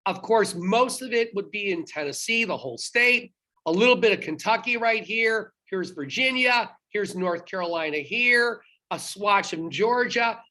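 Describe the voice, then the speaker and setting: A man's voice: sits high, sharp tone. Emphatic, conversational male history teacher. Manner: conversational, emphatic, corrects himself aloud. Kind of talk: recorded online lecture to students.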